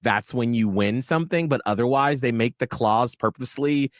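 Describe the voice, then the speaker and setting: A man's voice: mid-range voice, moderate pace, dry recording. A man co-hosting a radio show, chatting casually with dry, teasing remarks. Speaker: radio co-host. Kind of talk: casual chat. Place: radio studio.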